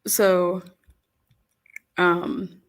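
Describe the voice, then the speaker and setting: A woman with a slightly low voice talks through video footage in a loose, rambling way. She swears freely and sounds openly incredulous as she tells her story. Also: level tone, extremely slow, gravelly. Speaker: commentator on footage. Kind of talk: casual commentary over video.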